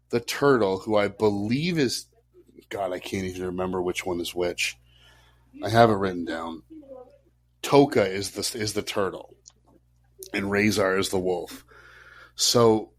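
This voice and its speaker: A man co-hosting a casual podcast chat, animated and laughing as he retells film scenes. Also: on the low side. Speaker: podcast co-host.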